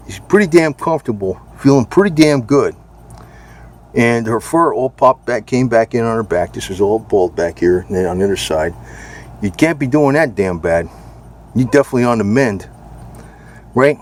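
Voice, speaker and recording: A man's voice: medium pitch, animated, normal speed, darkish tone. A man talking casually and bluntly in a rambling home video, now and then speaking to his cat. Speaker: vlogger.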